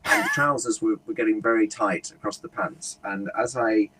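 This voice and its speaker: A man from the United Kingdom, a humorist, telling an anecdote in a relaxed interview and slipping into voices for the people he quotes. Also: on the low side, normal speed, very noisy. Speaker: guest speaker and humorist. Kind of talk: casual storytelling interview.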